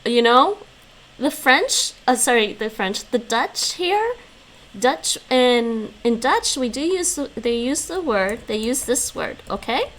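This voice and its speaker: A woman's voice: fairly high pitch, very animated, slow pace, fairly bright tone. A woman streaming, chatting casually and laughing often as she reacts. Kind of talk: casual live-stream chat.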